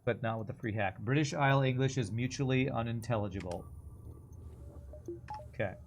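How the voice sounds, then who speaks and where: A man's voice: medium pitch, normal speed, slight background noise. A man in his forties with an American accent, rambling through casual game commentary and reading out chat. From Texas, USA. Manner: chatty, rambling, reads chat aloud. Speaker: game streamer. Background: faint game music.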